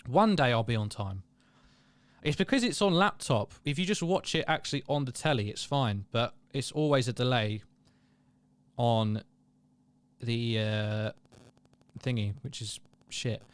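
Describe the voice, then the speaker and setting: A man's voice: mid-range voice, unhurried, pauses often, smooth, dry recording. A young man hosting a live match watchalong, chatting casually, reading viewer comments and calling the play. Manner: chatty, self-deprecating, reads out viewer comments.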